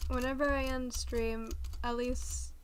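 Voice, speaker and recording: Slow, flat-voiced woman streaming a game. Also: high-pitched, a little hiss or hum. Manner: rambling, self-correcting chatter. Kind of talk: casual chat while playing.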